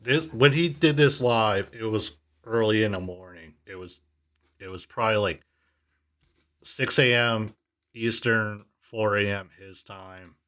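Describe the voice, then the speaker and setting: Deep-voiced man giving a casual aside. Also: unhurried, a bit bright. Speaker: podcast host. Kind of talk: casual commentary on an old clip.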